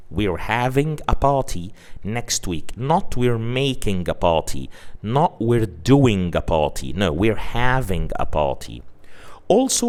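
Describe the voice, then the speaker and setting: A man teaching an English lesson, patiently explaining and repeating example phrases. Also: lowish voice.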